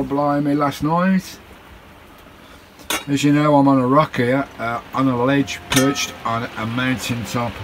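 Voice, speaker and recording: A man's voice: mid-range voice, a little hiss or hum. A British man vlogging casually from inside his camper van, chatting and swearing lightly. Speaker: vanlife vlogger. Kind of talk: casual vlog chat.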